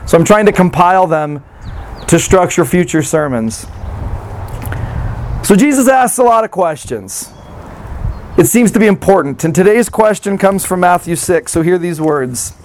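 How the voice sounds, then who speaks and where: A man's voice: high-pitched, lively intonation, normal speed, long pauses, a little hiss or hum. A man giving a casual, conversational sermon and reading scripture, self-deprecating and given to acting out mocking replies. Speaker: pastor.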